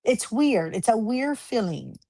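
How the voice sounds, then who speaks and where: A woman co-hosting a podcast, speaking in a reflective, gentle way in a casual chat. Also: fairly high pitch, very animated, vocal fry, no room sound. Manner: slow, reflective, laughs easily. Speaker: podcast co-host.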